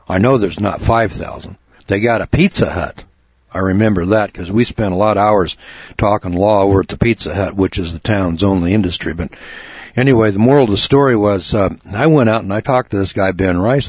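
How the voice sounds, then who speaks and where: Folksy low-voiced radio host, husky. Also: male voice, a little mellow, no room sound, dull audio. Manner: plainspoken, repeats words, gets worked up. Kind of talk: folksy storytelling monologue.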